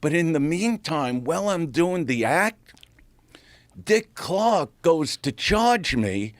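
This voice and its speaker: A man telling a profane, animated comedy story in casual conversation. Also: on the high side, takes it slowly, no room sound. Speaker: comedian guest.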